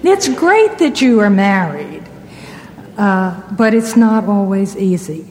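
Woman, Christian speaker, anecdotal sermon, warm tone, long hall reverb. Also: medium pitch, very animated, slow, slight background noise. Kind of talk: storytelling sermon talk.

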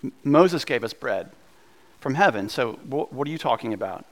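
A man preaching a sermon as pastor, mixing playful jokes with earnest teaching, with frequent asides and quick restarts. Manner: humorous, animated preaching with jokes about bread; quick asides and restarts, voice jumping higher when excited.

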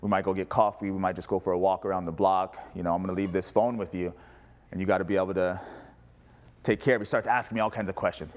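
A man's voice: sits low, steady tone, quick pace. A man in his thirties preaching a sermon as pastor, telling stories with laughs and acted-out dialogue. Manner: storytelling with laughs and quoted dialogue.

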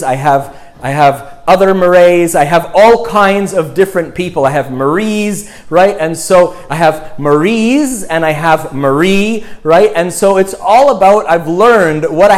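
Man preaching in a chatty, conversational way. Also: fairly high pitch. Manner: conversational, frequent "right?" check-ins. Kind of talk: sermon.

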